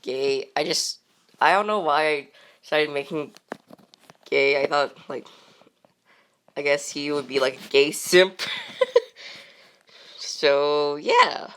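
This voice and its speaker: A woman's voice: sits low, slow pace, long pauses, a bit bright, smooth. A woman chatting casually and unscripted as a channel host, rambling with many fillers and frequent laughs.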